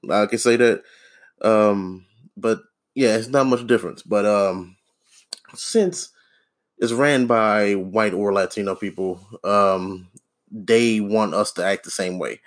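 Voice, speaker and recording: Deadpan man on a profane solo rant. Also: on the low side, slow pace. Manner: profane, rambling, sardonic, many fillers and restarts. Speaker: podcast host.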